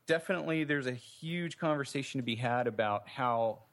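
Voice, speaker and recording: A man's voice: mid-range voice, moderate pace, a bit bright. A man, an indie game developer, answering interview questions in a thoughtful, meandering way with many fillers and restarts.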